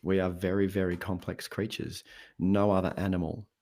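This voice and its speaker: A man's voice: deep voice, normal speed. A man speaking as a guest on a podcast in casual conversation, telling stories and acting out what people say. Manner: animated storyteller, acts out quoted voices. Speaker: podcast guest, habits coach.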